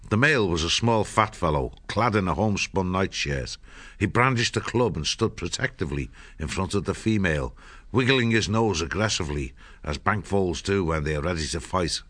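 Deep-voiced male audiobook narrator. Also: dry recording. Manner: measured, steady storytelling.

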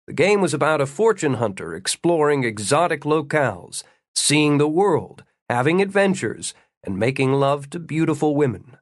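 A man's voice: medium pitch, no echo. Male audiobook narrator, dry close sound. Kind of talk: scripted narration.

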